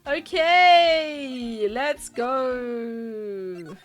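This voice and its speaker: A woman's voice: high-pitched, very slow, slight background noise. A woman from the UK streaming a game playthrough, reading the dialogue aloud and reacting with lots of laughter. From United Kingdom. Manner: excitable, laughs often, voices characters.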